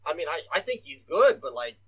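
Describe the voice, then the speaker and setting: A man co-hosting a laid-back wrestling podcast rambles along, dropping plenty of "uh" fillers and casual curses. His high, slightly rough voice swings widely in pitch and runs a little fast over a rough recording.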